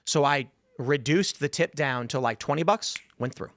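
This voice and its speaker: A male host with a somewhat high voice rambles through a story and slips into the voices of the people in it. He talks fast at times. The sound is dry and close, with no room around it. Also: fairly bright tone, no echo. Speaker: show host. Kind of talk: casual studio chat. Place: studio.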